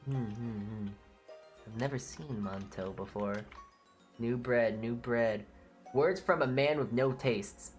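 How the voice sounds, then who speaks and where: Very low-voiced blunt woman streamer. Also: slow pace, faint music behind. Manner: blunt, opinionated, swears casually. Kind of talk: casual live-stream chat.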